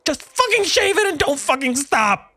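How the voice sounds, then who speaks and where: A man's voice: mid-range voice, slow, pitched above the performer's own voice. A man voicing a weary, terrified man in his thirties who pleads frantically. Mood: desperate.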